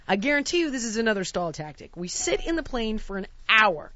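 Woman, animated storyteller, acts out quotes, high and bright. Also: a little fast, muffled recording. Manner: acts out quotes, shouting in exasperation. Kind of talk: casual chat, animated storytelling.

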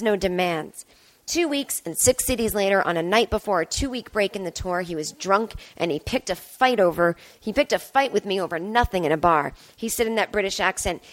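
A woman's voice: medium pitch, fairly bright tone. A woman in her fifties hosting a podcast, telling a candid, wry personal story in a monologue from home. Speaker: podcast host.

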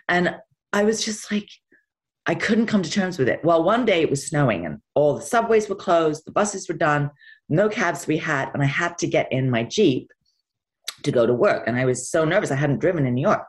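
A woman's voice: low voice, expressive, moderate pace. A woman answering interview questions in a rambling, easygoing way, with lots of fillers and laughter. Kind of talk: casual interview chat.

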